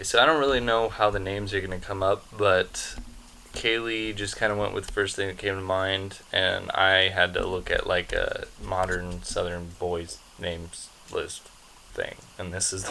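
A man's voice: lowish voice, gravelly, a little hiss or hum. A young man talking casually to the camera as a vlogger, rambling a little and chuckling between phrases. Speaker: vlogger on a date with his wife. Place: at home.

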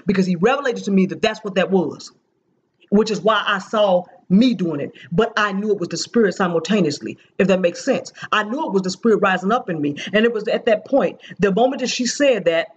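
A woman's voice: medium pitch, slightly rough, dull audio. A woman preaching, earnestly recounting a prophetic dream and repeating key phrases for emphasis.

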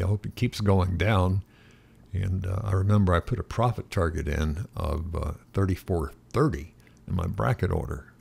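A middle-aged man steadily narrating a futures trade as it unfolds, calling out prices and stops with frequent pauses and fillers. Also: deep voice, creaky, a little mellow, breathy edge. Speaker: day trading instructor. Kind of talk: screen-recorded trading walkthrough.

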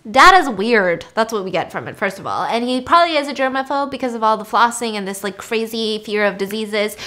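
A chatty young woman with a slightly high voice tells a movie's story in a relaxed, conversational way. She slips into quick little voices for each character as she goes. Her delivery is loose and animated. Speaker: movie recap host. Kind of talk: casual movie recap storytelling.

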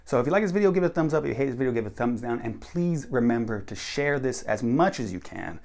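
Animated American man teaching slang. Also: quick pace. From United States. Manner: animated, acts out example sentences with big pitch jumps. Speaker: English teacher, channel host. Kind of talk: casual explainer video.

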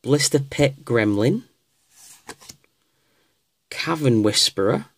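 Lively, unhurried man opening card packs. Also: medium pitch, no room sound. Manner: reads card names aloud with excited exclamations. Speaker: card pack opener. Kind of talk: casual unboxing commentary.

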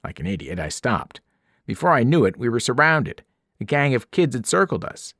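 A man narrating a novel aloud with expressive storytelling, his pitch rising and falling widely. The sound is dry and close, with no room around it. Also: normal speed, no room sound. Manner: expressive first-person narration with character voices. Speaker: teacher reading aloud. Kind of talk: audiobook narration.

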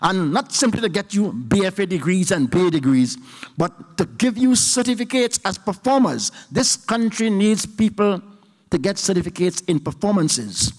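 A man with a Trinidadian accent giving an emphatic public speech as a university professor, slowing down to repeat his key points. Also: high-pitched, big pitch swings. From Trinidad and Tobago. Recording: speech hall with long reverb.

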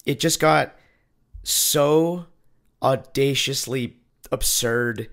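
A man of ordinary pitch co-hosting a relaxed movie podcast. He talks in an easygoing way, trailing into restarts and small chuckles. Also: drawn-out words. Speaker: podcast co-host. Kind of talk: casual film-review chat.

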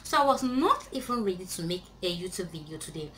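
A young woman with a Nigerian accent making a reaction vlog, exclaiming loudly and mixing in Nigerian Pidgin. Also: on the low side, sing-song, brisk, slight background noise. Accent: Nigerian English. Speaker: YouTuber. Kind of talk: reaction video rant.

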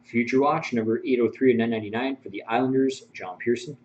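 Over muffled stream audio with a faint hum, a man hosting a live card break rattles off card names and serial numbers, chuckling as he chats with viewers. His mid-range voice is steady and darkish, and he talks fast.

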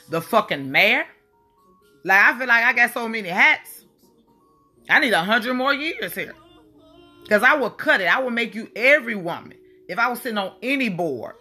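A woman's voice: mid-range voice, bright, forceful tone. A woman, hosting a livestream alone and talking in a blunt, preachy, profane, emphatic way. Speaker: spiritual wellness livestream host. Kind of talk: unscripted livestream monologue. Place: alone, indoors. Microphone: phone or webcam.

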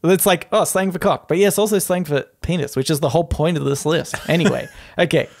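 A man's voice: on the high side, brisk, creaky, darkish tone. A man hosting a podcast, reading a list aloud and laughing often in casual comedic chat. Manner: giggly, reads out a list, laughs a lot. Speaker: podcast host.

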